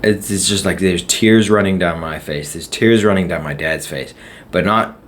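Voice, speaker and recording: Deep-voiced man rambling through a podcast. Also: moderate pace, a little hiss or hum. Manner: rambling, chatty, laughs at his own stories. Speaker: podcast host. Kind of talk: casual solo podcast storytelling.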